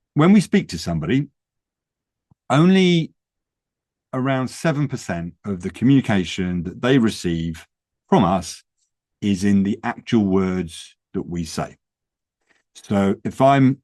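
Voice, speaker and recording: A man's voice: fairly low pitch, darkish tone, dry recording, clean studio sound. A man giving practical advice on a podcast, explaining in a conversational way with rhetorical questions. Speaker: property investment educator. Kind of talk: podcast talk.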